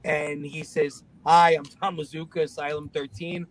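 A man's voice: on the high side, normal speed, low-quality recording. A man, a guest telling a long story in a casual way and acting out the voices of the people in it. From Long Island, New York. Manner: animated, acts out other people's voices in his anecdotes.

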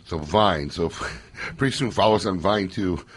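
A man hosting a casual radio talk show from a studio, telling stories in an animated, joking way. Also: low-pitched, a little slow, slightly rough. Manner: animated storyteller, loose and joking.

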